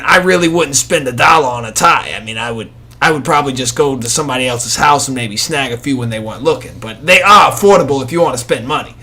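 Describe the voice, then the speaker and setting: Man doing a high, bright-edged grouchy old man reading an ad, all complaint. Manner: grumbling, exasperated bickering. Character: angry tired old man, grumbling. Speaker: ad reader.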